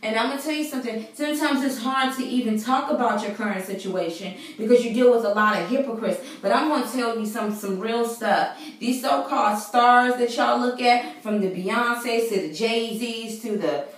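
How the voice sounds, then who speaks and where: A woman's voice: a little high, normal speed, few pauses, distant mic. A woman vlogger giving an earnest, preachy faith talk to her viewers, casual and full of fillers. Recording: very echoey room, voice away from mic.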